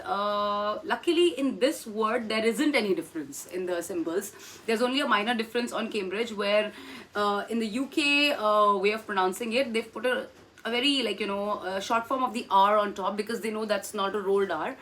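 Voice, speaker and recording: A woman's voice: medium pitch, moderate pace, a bit bright. A woman gives an online pronunciation lesson, explaining patiently step by step and repeating words for practice. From India. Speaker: English pronunciation trainer. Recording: slightly distant mic with faint background noise.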